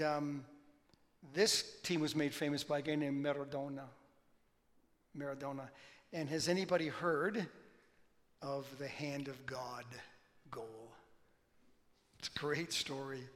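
A man, a pastor, giving an informal sermon with lively storytelling and a quieter, reverent prayer. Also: medium pitch. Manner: animated storytelling, bursts of loud excitement; softer, slower and reverent in prayer. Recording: long hall reverb.

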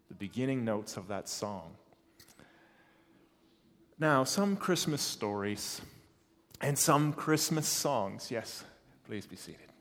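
A man preaching in a church, telling a story with measured, dramatic pauses. His mid-pitched voice carries a long reverb that hangs in the room. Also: expressive. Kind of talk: sermon storytelling.

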